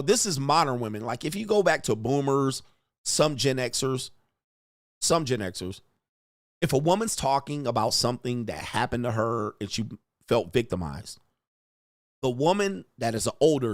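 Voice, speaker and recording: Male host, mid-pitch, dry close mic, mocking profane rant style. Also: lively intonation, moderate pace, no echo. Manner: blunt, mocking, profane, mimics voices. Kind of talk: casual commentary rant.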